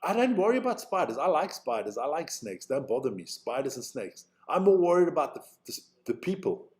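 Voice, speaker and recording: A man's voice: on the high side, big pitch swings, a little fast, darkish tone. Chatty South African man streaming. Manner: rambling, thinks aloud, swears freely, calls people man. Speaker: live-stream host reacting to a rugby match. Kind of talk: casual live watch-along chat.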